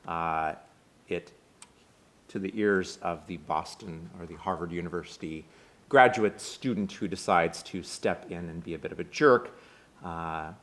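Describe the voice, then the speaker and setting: American man giving a relaxed sermon. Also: low-pitched. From United States. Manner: conversational, hesitant fillers, retelling a film. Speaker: synagogue speaker.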